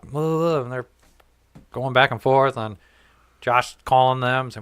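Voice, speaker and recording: A man's voice: medium pitch, moderate pace, long pauses, clear, resonant tone, no room sound. A man hosting a podcast, telling a story in casual chat, swearing freely and acting out what people said. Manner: profane, animated, acts out quoted dialogue. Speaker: podcast host.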